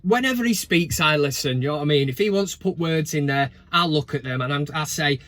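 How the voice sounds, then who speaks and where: A man's voice: a little high, expressive, fairly quick, hardly any pauses, a bit bright, no echo. A man hosting a casual football chat vlog, full of jokey banter and swearing. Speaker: host.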